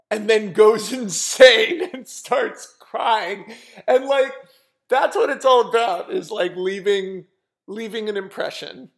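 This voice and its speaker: A man's voice: sits high, slow, creaky. A man casually telling a funny story to camera, rambling with many fillers and often laughing. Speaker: vlogger.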